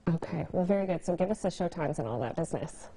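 A woman's voice: on the low side, lively intonation, warm tone, a little hiss or hum, rough recording. A woman hosting a local TV interview, bubbly and playful. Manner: bubbly, playful, quick to laugh. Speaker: TV show host. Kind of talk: lively morning TV interview.

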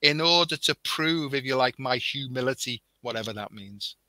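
A man's voice: mid-range voice, moderate pace, sharp tone, no echo. A man as a podcast guest, telling a personal story in an earnest, candid way and slipping into quoted dialogue. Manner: emotional at moments.

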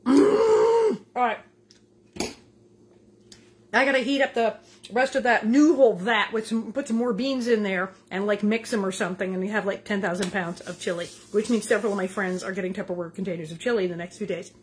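An older woman hosting a casual home cooking vlog. She is chatty and animated and keeps tasting as she talks. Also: mid-range voice, fairly quick, slight background noise. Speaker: cooking show host. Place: home kitchen.

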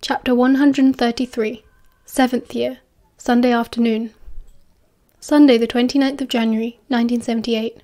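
A woman with a British accent reading a novel aloud as audiobook narration, dropping softly into hushed voices for the dialogue. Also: on the high side, level tone, normal speed. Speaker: fan audiobook reader.

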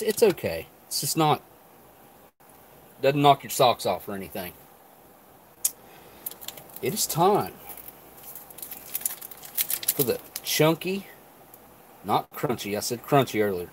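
On a live stream, a relaxed man with a mid-range voice tastes rations and chats through his thoughts between bites. He isn't Canadian, and some light background noise is audible.

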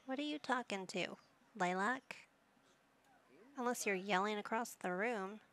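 A woman's voice: mid-range voice, measured pace, a bit bright. A woman giving casual commentary while playing a life-simulation game, chatting to the characters and reading options aloud. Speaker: gaming YouTuber.

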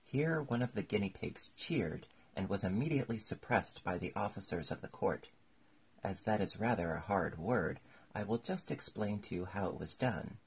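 A man narrating a classic storybook chapter in a steady, measured reading. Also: fairly low pitch, slightly rough. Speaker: audiobook narrator.

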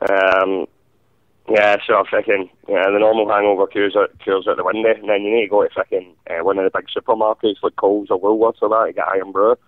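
A man's voice: fairly low pitch, level tone, brisk, no echo. A hungover man calling in to a radio show, rambling and swearing with many ums. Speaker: caller. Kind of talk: casual phone chat. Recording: dry tinny phone line.

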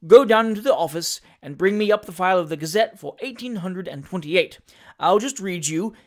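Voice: medium pitch, expressive, brisk, lightly acted. A reader voicing a pompous, meek middle-aged male newspaper editor who speaks up eagerly and fawningly in a storybook reading. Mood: self-important. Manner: eager, fawning, raised and louder than the narration.

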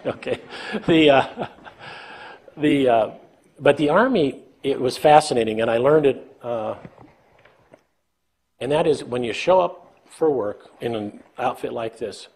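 With a mid-range, slightly mellow voice and some faint background noise, an older man from the United States delivers a leadership talk. He spins self-deprecating anecdotes in a conversational lecture style, chuckling as he acts out dialogue.

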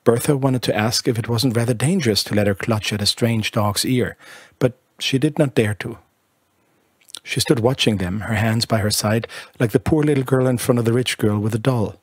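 A man narrating a literary short story in a measured, lyrical reading. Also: mid-range voice, husky, no echo. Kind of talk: scripted audiobook narration.

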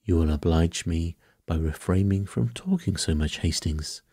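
Man reading a courteous elderly detective, bedtime story reading, very low voice, husky tone. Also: moderate pace, dark tone, no room sound, clean studio sound. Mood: calm. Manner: formal, mildly reproving, polite. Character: fussy, courteous elderly male detective, calm and precise.

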